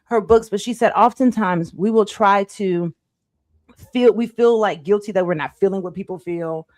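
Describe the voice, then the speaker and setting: A woman in her thirties, a life coach, talking in a casual faith-based chat, animated and repeating herself for emphasis. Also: medium pitch, normal speed, dry recording, studio quality.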